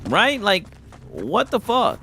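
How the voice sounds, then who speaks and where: A man's voice: high voice, huge pitch swings, slow pace. A young man with a Southern US accent from Atlanta, rambling and swearing casually while commentating a video game he is playing. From Atlanta, USA. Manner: laid-back, rambling, swearing, laughing chatter. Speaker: gaming streamer. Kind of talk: casual let's-play commentary. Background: game music.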